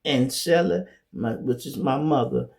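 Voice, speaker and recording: A man's voice: mid-range voice, measured pace. A middle-aged man with a Chicago accent telling casual stories as a show host, acting out quoted voices. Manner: animated, acts out quoted voices. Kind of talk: casual storytelling monologue.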